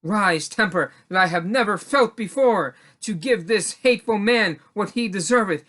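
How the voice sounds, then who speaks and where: A man's voice: sits high, moderate pace, bright, forceful tone. Man reading as a timid teen boy turned bold. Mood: declamatory. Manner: earnest, declamatory. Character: timid teenage boy finding courage. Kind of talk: home play reading in mock-Shakespearean verse.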